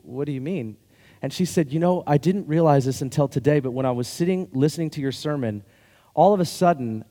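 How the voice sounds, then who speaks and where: A man's voice: mid-range voice, mellow, in a large hall. A male pastor giving a sermon in a conversational, self-deprecating way, with light laughs between points.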